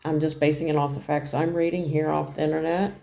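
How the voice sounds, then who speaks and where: Woman, middle-aged, gravelly, low voice, rambling, plain-spoken, personal vlog. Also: little pitch movement, quick pace, dark tone. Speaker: vlogger. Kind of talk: candid personal storytelling vlog.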